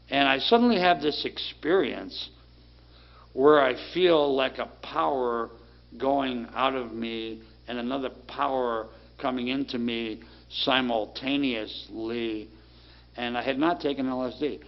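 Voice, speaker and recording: Middle-aged new guy telling his recovery story, casual, lots of you know, kinda dull lo-fi sound. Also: mid-range voice. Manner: plainspoken, conversational, full of fillers. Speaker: recovery speaker. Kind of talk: personal testimony.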